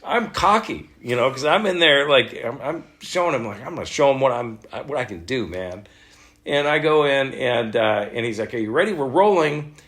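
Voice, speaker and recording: A middle-aged man, a voice actor, telling a story in a casual interview, animated and laughing as he acts out what others said. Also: medium pitch, moderate pace. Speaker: voice actor guest.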